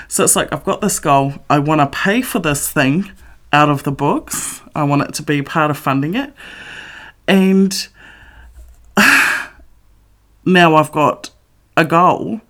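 A middle-aged woman and author giving a blunt, emphatic motivational monologue full of swearing. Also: sits low. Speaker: author and vlogger.

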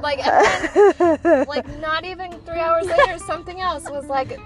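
Woman podcast co-host, high voice, teasing and animated, clear music bed underneath. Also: moderate pace, rough recording. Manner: teasing, animated, quotes texts back and forth. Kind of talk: casual chat.

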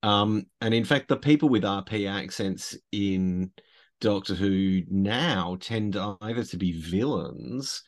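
Low-voiced man chatting enthusiastically. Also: takes it slowly. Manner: enthusiastic, rambling with restarts. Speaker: podcast co-host. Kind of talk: casual chat.

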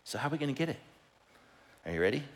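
A middle-aged man preaching a sermon as pastor, passionate and emphatic, often lifting his voice close to a shout. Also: medium pitch, very animated, very fast.

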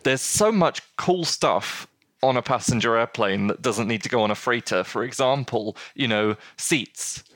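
A man co-hosting a casual news chat, animated and halting, often restarting his sentences. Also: mid-range voice, dry recording. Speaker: podcast co-host.

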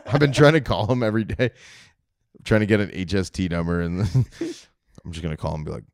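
A man's voice: deep voice, fairly quick, vocal fry, no room sound, clean studio sound. A young man from Canada hosting a comedy podcast, talking in a blunt, profane, joking way. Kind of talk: casual podcast chat.

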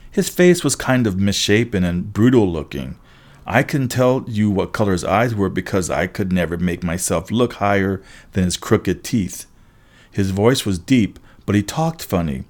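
Guy reading a first person novel out loud, lowish voice, steady and a bit wry. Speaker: audiobook narrator. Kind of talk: scripted first-person narration.

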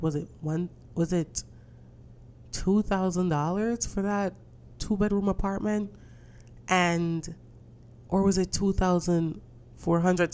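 A young woman, stuffy from a cold, hosting a casual solo podcast and telling lively stories full of swearing and acted-out dialogue. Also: fairly low pitch. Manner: animated storytelling, swearing, acting out dialogue. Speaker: podcast host.

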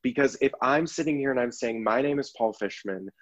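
A self-love coach speaks earnestly and reflectively in a podcast conversation, restarting his sentences often. His voice is medium-pitched and fairly quick, and the audio sounds dull.

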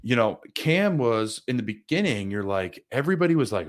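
A man's voice: mid-range voice, sing-song, fairly quick. A man hosting a casual sports interview, earnest and reflective, asking a lot of rhetorical questions. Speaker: podcast host, former player.

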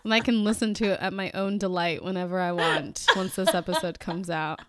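A woman in her thirties co-hosting a podcast, animated and joking, swearing casually. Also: mid-range voice, brisk, no room sound. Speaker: podcast co-host. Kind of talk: casual chat.

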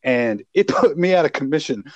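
Casting: young male podcast co-host, animated and excitable, slightly high voice, dry close mic. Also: a little fast, dry recording. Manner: excitable, laughing, swearing storyteller. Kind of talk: casual chat.

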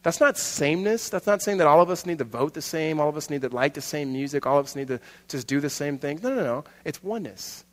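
A man preaching a sermon, telling stories animatedly and dropping to a soft voice for emphasis. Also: a little high, fast, hardly any pauses, long reverb tail. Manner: animated storytelling, laughs often, drops soft for emphasis. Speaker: pastor.

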